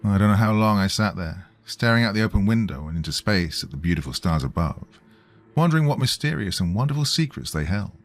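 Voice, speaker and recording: A man reading a scripted horror story in a measured, grave manner. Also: on the low side, lively intonation, soft background music. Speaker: narrator.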